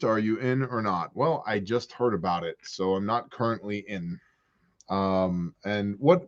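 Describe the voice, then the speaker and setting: A man's voice: on the low side, moderate pace, highs cut off. Joking man hosting a porch livestream. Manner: joking, animated storyteller. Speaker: host. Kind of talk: livestream Q&A chat.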